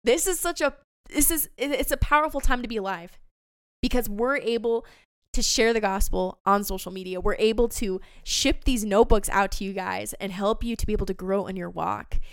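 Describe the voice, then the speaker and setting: A woman's voice: medium pitch, brisk, gravelly, clean tone, dry recording, clean studio sound. A young adult woman hosting a devotional podcast, talking earnestly and passionately to her listeners. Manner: earnest and passionate, addresses listeners as "you guys". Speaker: faith podcast host.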